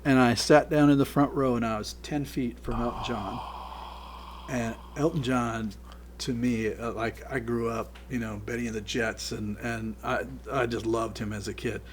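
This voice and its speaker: A middle-aged man, a production guest, telling behind-the-scenes stories in a casual, animated way and laughing as he goes. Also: medium pitch, moderate pace, a little hiss or hum. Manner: animated, laughs through his stories and acts out quoted lines. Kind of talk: casual anecdotal storytelling.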